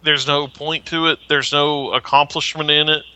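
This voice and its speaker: A man co-hosting a casual gaming podcast, giving measured, level-headed opinions. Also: a little high, flat delivery, pushed and bright, clear, resonant tone, dry recording, poor audio. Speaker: podcast co-host.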